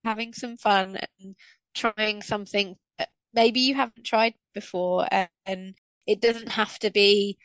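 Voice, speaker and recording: A woman's voice: mid-range voice, steady tone, measured pace, fairly bright tone, no echo, poor audio. A woman guest on a podcast, talking in an encouraging, loose, rambling way. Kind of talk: casual chat.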